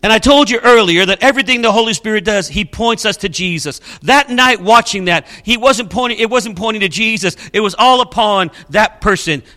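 A middle-aged man preaching a sermon in a high, bright voice. He delivers it with emphatic, storytelling force. His pitch sits well above most men's, with a sharp, forceful edge. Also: brisk, few pauses. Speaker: pastor.

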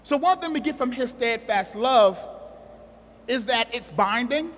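A man's voice: very high voice, animated, unhurried, fairly bright tone, big-room sound. A man preaching a sermon in a conversational, joking way, asking the congregation questions.

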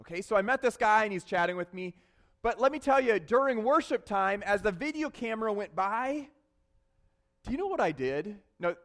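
A man preaching a sermon, telling a personal story with animated swings between loud bursts and hushed confessions. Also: sits high, normal speed. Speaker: pastor.

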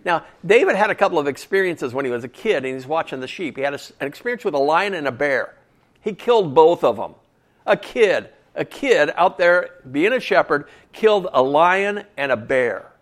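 A man's voice: on the high side, animated, normal speed. A man preaching a sermon in a folksy, conversational way, full of casual asides.

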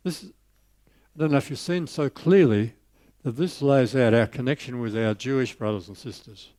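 A man preaching a sermon, telling a story and lifting his voice on scripture before dropping soft on key lines. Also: mid-range voice, moderate pace, no room sound.

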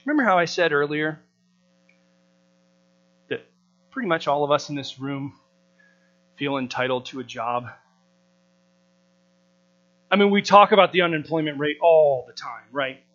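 A man's voice: fairly high pitch, lively intonation, unhurried, long pauses, fairly bright tone. An American man preaching a sermon to a live audience, emphatic and full of rhetorical questions, on a dull lo-fi recording with mains hum. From United States.

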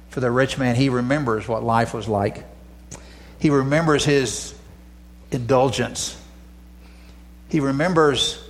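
A man preaching a sermon, impassioned, his voice climbing higher as he pleads. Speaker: pastor.

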